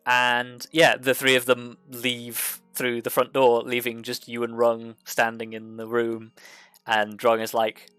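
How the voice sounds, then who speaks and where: A man narrating as game master of a tabletop game, halting and full of fillers. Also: medium pitch, monotone, bright, forceful tone, smooth, dry recording, faint music behind.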